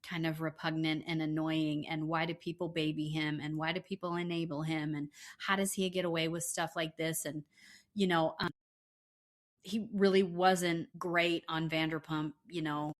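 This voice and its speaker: A woman co-hosting a podcast in casual chat, agreeable and quick with short replies. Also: low voice, level tone. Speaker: podcast co-host.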